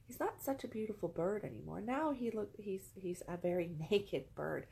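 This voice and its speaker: A woman's voice: mid-range voice, animated, moderate pace, creaky, warm tone, poor audio. A woman vlogger telling a casual, rambling story, repeating phrases for emphasis, settled among pillows indoors.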